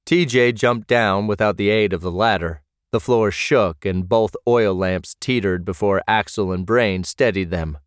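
A man reading scripted narration for an audiobook at a measured pace. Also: on the low side, smooth, no echo, studio quality.

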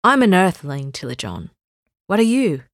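A woman's voice: on the low side, wildly swooping pitch, moderate pace, no room sound, studio quality. A woman reading an audiobook and voicing a brash, crude older man who talks bluntly, sounds cocky, and swears.

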